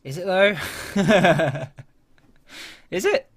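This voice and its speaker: A man with a high, breathy voice and lively intonation draws out his words. He's a gaming YouTuber giving relaxed commentary on a strategy game, musing aloud with lots of fillers and chuckling at himself.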